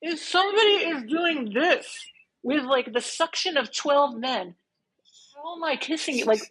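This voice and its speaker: A woman in her fifties, a podcast guest telling a dating story in a casual, animated way and acting out what she said back then. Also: high voice, normal speed, poor audio. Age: 50s. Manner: animated, acts out her own past lines.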